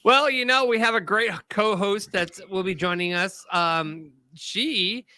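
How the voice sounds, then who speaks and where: A man's voice: high voice, measured pace, sharp tone, no room sound. A man hosting an online talk show over a video call, chatting casually and laughing easily. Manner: easygoing, laughs often. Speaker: show host. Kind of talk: casual chat.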